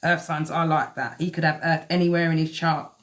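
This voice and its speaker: A woman's voice: low-pitched, flat delivery, a little fast, a bit bright. A woman doing a live-stream tarot reading, chatty and swearing freely as she talks to the cards. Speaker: tarot reader.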